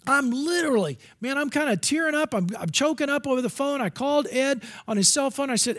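A man's voice: very high voice, lively intonation, brisk, hardly any pauses, fairly bright tone. A middle-aged man preaching a sermon, earnest and storytelling, acting out bits of dialogue.

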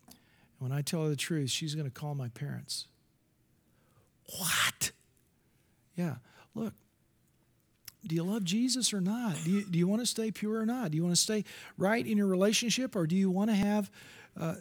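A middle-aged man preaching a sermon, earnest and storytelling, acting out bits of dialogue. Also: sits high.

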